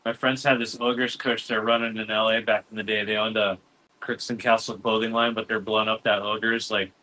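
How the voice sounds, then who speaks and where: A man's voice: fairly low pitch, flat delivery, a little fast, bright, forceful tone, slight background noise, low-quality recording. A man in casual chat telling loose stories, full of surfer slang and "dude.". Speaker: cannabis grower, guest.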